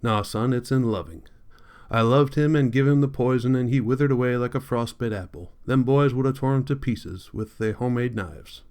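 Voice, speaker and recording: A man's voice: mid-range voice, moderate pace, natural voice. A man voicing a sorrowful old woman from a storybook. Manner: soft moaning dialect speech. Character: old enslaved woman, sorrowful, weary, confused.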